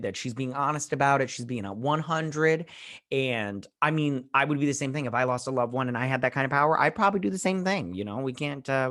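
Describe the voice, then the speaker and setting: A man at an ordinary middle pitch, talking loosely through an episode recap as a review-channel host. He rambles and restarts often, leaning on fillers as he goes. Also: fairly bright tone. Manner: heartfelt, saying he feels choked up.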